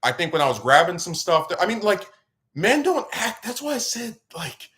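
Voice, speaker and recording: A podcast host with a fairly high voice talks at a normal speed, spinning a rambling story in casual chat. He's animated, and his voice leaps upward whenever he gets excited.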